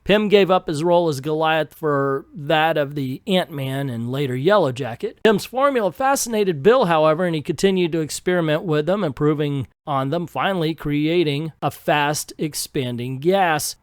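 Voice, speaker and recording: A man's voice: on the high side, no room sound, clean studio sound. A man in his fifties reviewing a comic book casually, with sarcastic asides.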